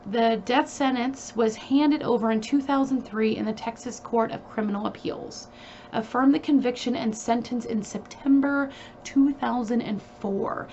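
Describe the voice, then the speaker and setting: A young woman with a fairly high voice tells a true crime story in a loose, chatty way, full of fillers and emphatic asides. The recording sounds a little dull, with a faint hiss behind her. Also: normal speed, darkish tone.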